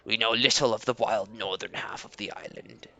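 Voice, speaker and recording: A man's voice: lowish voice, fairly even intonation, vocal fry, sharp tone, a little hiss or hum, pitched below the performer's own voice, exaggerated voice. A man voicing a stern proud servile tribe leader. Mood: proud formal. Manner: formal, measured, guarded.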